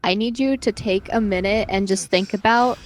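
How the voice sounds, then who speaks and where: A young woman from the United States chatting casually on a game stream with a teasing, playful manner and deadpan jokes. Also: medium pitch, normal speed, low-quality recording. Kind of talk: casual chat.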